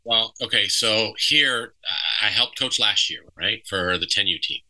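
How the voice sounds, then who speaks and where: Low man with a sharp, bright tone. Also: unhurried, poor audio. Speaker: podcast guest, youth softball coach. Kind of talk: casual podcast chat.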